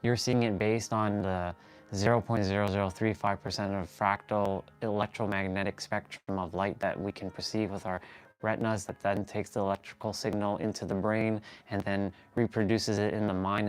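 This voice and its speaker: Earnest rambling man, low voice. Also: level tone, moderate pace, clear, resonant tone. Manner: earnest, rambling, restarts and corrects himself. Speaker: fitness and motivation livestream host. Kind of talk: motivational talk while stretching.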